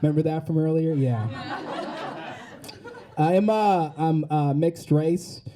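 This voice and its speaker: A young man doing a stand-up set on a club stage, telling animated stories and slipping into other people's voices. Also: fairly high pitch, slow pace, crowd noise. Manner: animated storytelling with put-on voices. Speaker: stand-up comedian.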